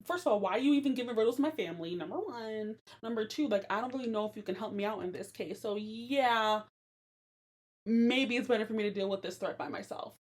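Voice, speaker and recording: An exasperated young wife, frank and defensive, laying out her reasons one by one, put on by a woman retelling a story. She sounds fairly high and talks in quick bursts. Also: darkish tone, close to an everyday voice.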